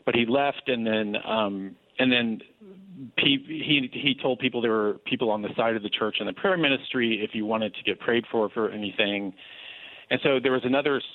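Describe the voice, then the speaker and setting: A man telling his personal story as an interview guest, earnest and animated, with frequent restarts. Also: mid-range voice, normal speed, no room sound. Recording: dry tinny phone-like line.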